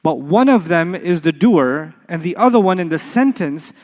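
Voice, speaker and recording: A man leads a live Arabic lesson, his voice pitched high. He is playful, repeating sounds and throwing questions at the class, and a long hall reverb trails each phrase. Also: animated, moderate pace, a little mellow. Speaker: Arabic teacher.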